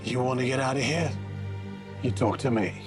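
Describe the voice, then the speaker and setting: A man's voice: medium pitch, normal speed, music in the background, lightly acted. A man voicing a gritty male road warrior from the wasteland with a put-on Australian accent, in a comic movie parody bit and speaking in terse, clipped lines. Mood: gruff.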